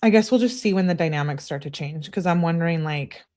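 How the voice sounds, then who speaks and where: A woman's voice: on the low side, fast talker, a little mellow. A woman hosting a true-crime channel, reading texts and adding candid asides with sighs and laughs for her viewers. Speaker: true-crime commentary host.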